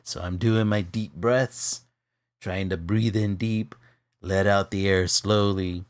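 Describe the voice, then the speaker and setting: A man spinning a funny personal story in an easygoing chat. He laughs a lot and his voice leaps up when the story gets exciting. The sound is dry and close, with no room around it. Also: deep voice, takes it slowly, dry recording. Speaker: co-host of an art stream.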